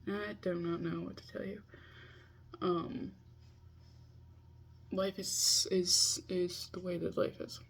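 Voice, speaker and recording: A woman's voice: fairly low pitch, little pitch movement, slow, creaky, pauses often, breathy edge. A woman in her twenties talking casually in a confessional vlog, chatty and self-mocking, scolding herself as she goes. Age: 20s. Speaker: vlogger. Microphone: video call.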